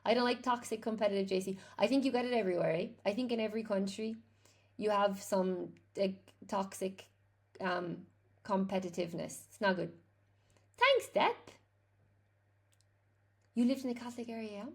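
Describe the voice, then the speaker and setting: A woman's voice: mid-range voice, a little fast, a little mellow. A woman with an Irish accent, an English teacher chatting on a live stream, reading out and answering viewer comments. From Ireland.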